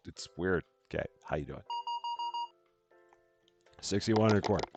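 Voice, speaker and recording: A man's voice: on the low side, sing-song, moderate pace, darkish tone, soft background music. A man streaming a game live, chatting through his moves and thanking viewers as he plays. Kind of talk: live gameplay commentary.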